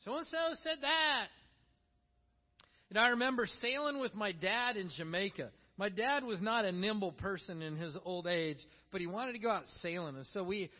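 A middle-aged male pastor preaching a sermon, telling stories with animated energy and acting out the voices of the people he quotes. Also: high voice. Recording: long hall reverb, dull lo-fi sound.

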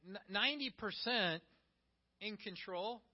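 Male preacher, high voice, animated sermon that jumps from hushed to loud, dull lo-fi recording. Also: a little slow. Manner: animated, acts out quoted voices, swings between soft and loud.

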